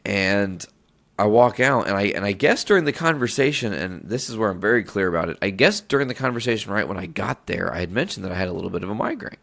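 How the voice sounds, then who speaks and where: A man's voice: lowish voice, lively intonation, fast, vocal fry, fairly bright tone. A man hosting a podcast, telling a long casual story in a rambling, profane way, often breaking off mid-sentence to restart. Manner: rambling, profane, self-interrupting. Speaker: podcast host.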